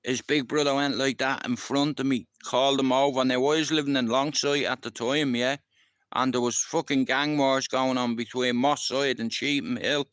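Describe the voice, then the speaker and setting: Middle-aged Irish man, livestream storyteller, rough street talk, clear smooth voice, dry mic. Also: mid-range voice, fairly even intonation, moderate pace, a bit bright, no echo. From Ireland. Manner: rambling, swears freely, keeps asking if you understand. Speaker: livestream host. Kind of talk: casual storytelling.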